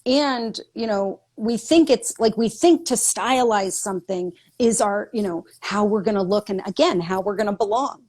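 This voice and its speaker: A woman author talking over a remote video call, effusive and animated, words tumbling out with frequent laughter. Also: mid-range voice, normal speed, hardly any pauses. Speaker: guest author.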